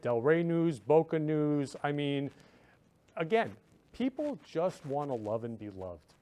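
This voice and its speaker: A man's voice: fairly high pitch, a little mellow. A man hosting his own show, talking earnestly and effusively to viewers, repeating himself often. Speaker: show host. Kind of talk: casual talk to viewers.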